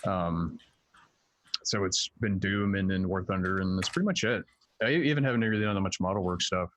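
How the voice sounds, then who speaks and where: A man's voice: sits low, a little fast, fairly bright tone, slight background noise. A man, a tabletop game player, chatting casually at home, rambling with many fillers and swearing. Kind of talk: casual chat.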